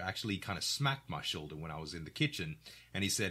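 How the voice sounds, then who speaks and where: A middle-aged man talks shop on a casual podcast, speaking in a clear, articulate way. His voice sits a little low but has a bright, forceful edge. He tells stories with energy, slipping into voices for the people he quotes. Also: expressive, fairly quick. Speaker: podcast host.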